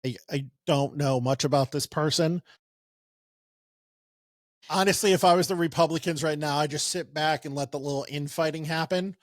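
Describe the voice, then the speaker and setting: Man, podcast co-host, slightly high voice, rambling and sarcastic, dry close sound. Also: normal speed, no echo. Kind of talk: casual political podcast chat.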